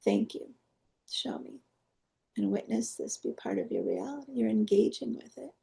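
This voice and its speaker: A woman guides an energy-healing meditation, coaxing softly in a voice that's very dark and mellow, threaded with strong gravelly fry. Her pitch is on the high side and swoops wildly at a normal speed as she alternates between gentle instructions and quiet, prayer-like requests.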